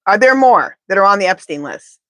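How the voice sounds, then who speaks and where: A woman's voice: medium pitch, expressive, fairly quick, fairly bright tone, no echo. A woman tarot reader in casual live-stream chat, rambling and talking straight to her viewers.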